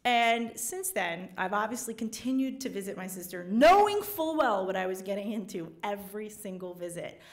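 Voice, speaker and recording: On stage before a live audience, a woman reporter animatedly tells a story that pokes fun at herself, acting out the quotes. Her voice sits in the mid-range.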